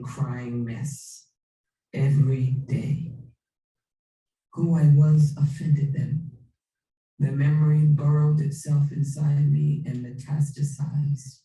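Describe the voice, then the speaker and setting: A woman reading her memoir aloud in an intimate, measured storytelling manner with dramatic pauses. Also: rumbling low, dark tone, echoey room, distant mic, poor audio. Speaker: memoir narrator.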